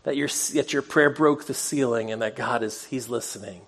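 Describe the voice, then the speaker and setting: A man's voice: mid-range voice, normal speed, fairly bright tone, breathy edge. Earnest conversational male preacher. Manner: self-deprecating humor. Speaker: pastor. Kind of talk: sermon.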